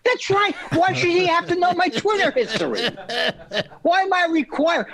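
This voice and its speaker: A man's voice: extremely high pitch, very animated, moderate pace, fairly bright tone. A man who is a guest comedian, bantering on a podcast with wry, mock-indignant riffs.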